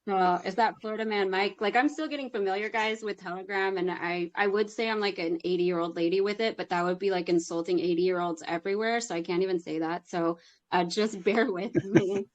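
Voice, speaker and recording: Female interviewer, chatty and self-deprecating, mid pitch. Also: steady tone, a little fast, highs cut off. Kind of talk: casual livestream chat.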